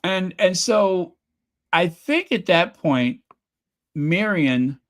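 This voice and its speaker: A man casually recapping a period drama episode, telling the story with animated asides and playing out the characters' lines. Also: drawn-out words. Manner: animated storytelling, acts out quotes with rising pitch. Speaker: show reviewer.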